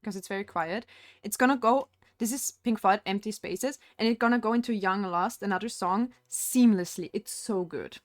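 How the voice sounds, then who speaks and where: A woman's voice: mid-range voice, normal speed, no echo, studio quality. A young woman streaming live from home, chatting casually and rambling while she paints, with frequent laughs.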